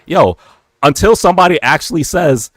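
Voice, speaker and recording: A man, co-hosting a live chat stream, talking in an animated, slangy, emphatic way. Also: on the high side, normal speed, no echo. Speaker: livestream co-host. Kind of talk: casual chat.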